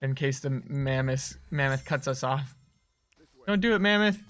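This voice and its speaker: A young man co-hosting a livestream in casual chat, reacting quickly and excitably. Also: medium pitch, faint music behind. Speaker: livestream co-host.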